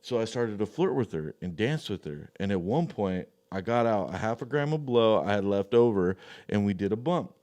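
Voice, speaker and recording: A young man spinning a raunchy story in an offhand, sneering way. His voice sits low, smooth and resonant, and he swears freely. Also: lively intonation, normal speed, darkish tone. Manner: profane, offhand and mocking. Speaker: podcast storyteller. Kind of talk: crude casual storytelling.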